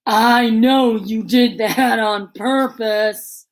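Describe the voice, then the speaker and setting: A woman voicing a huge, menacing teenage bully twin in a storybook reading, growling slow threats. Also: fairly high pitch, fairly even intonation.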